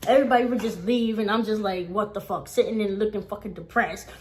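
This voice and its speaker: A young adult woman talks straight to camera in a casual storytime vlog. Her voice sits at an ordinary middle pitch. She swears freely and leans on repeated phrases to drive each point home. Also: fast, darkish tone, slight background noise. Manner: profane, emphatic, repeats phrases for emphasis. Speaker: vlogger.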